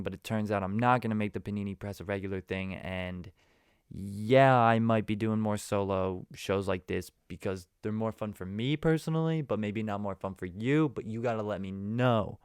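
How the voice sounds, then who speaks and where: A man hosting a casual solo podcast, rambling along and breaking into sudden loud, emphatic bursts. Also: on the low side, clear, resonant tone, no room sound, clean studio sound. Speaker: podcast host.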